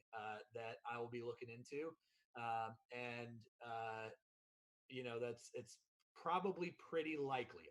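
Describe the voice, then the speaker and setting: A man answering a question on a video call, hedging, with many fillers. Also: mid-range voice. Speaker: panelist.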